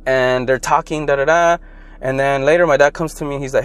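A young adult man from Los Angeles, hosting his own podcast and telling childhood stories in a loose, rambling way that gets animated when he quotes people. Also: mid-range voice, brisk, clean tone. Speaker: podcast host. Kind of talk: casual solo storytelling.

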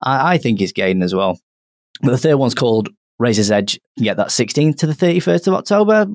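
A man's voice: mid-range voice, sing-song, a little fast, dry recording, clean studio sound. A man with a Northern English accent hosting a gaming podcast, bantering and joking at his own expense. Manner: joking, self-mocking banter. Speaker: podcast host. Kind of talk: casual chat.

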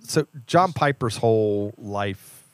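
A church leader who co-hosts a podcast talks about faith in a casual conversation, his fairly low voice lively in intonation but slow in pace. He's earnest and reflective, building toward emphatic points.

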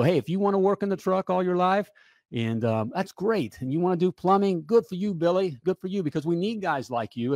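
A man coaching plumbers in a casual, joking sales pitch, often checking in with "all right?". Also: darkish tone, dry recording, studio quality. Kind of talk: casual promotional pitch to camera.

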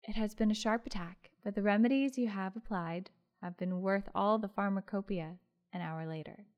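A woman reading the part of a brisk, formal male doctor in an audiobook. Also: medium pitch, dull audio, close to an everyday voice. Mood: reassuring.

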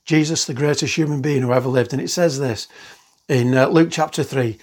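A man's voice: medium pitch, a little fast, darkish tone. A man giving an online sermon in a conversational, earnest way, with frequent fillers. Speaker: pastor.

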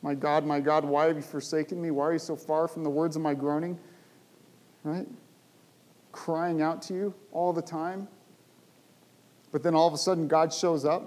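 A male pastor preaching a sermon, speaking with animated emphasis and rising to loud, emphatic bursts. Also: on the high side, normal speed, long pauses, poor audio.

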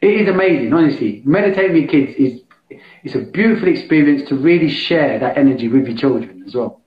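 A British man hosting a live meditation session, talking casually and enthusiastically as he pitches a membership, with frequent restarts. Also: animated, quick pace. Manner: enthusiastic, salesy, restarts often. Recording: echoey, dull lo-fi sound.

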